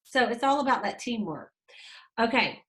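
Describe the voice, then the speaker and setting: A woman, leading a sales team and giving a casual, fast, chatty training talk aimed straight at her listeners. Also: on the high side, big pitch swings, a bit bright. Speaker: direct sales team leader.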